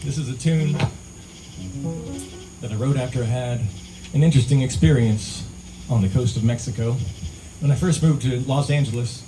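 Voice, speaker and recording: Mellow-voiced male singer telling a story on stage. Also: medium pitch, normal speed, pauses often, soft background music, poor audio. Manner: relaxed, conversational, laughs at own story. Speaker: singer-songwriter performing live. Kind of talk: storytelling stage banter between songs. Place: live music venue, outdoors among pines.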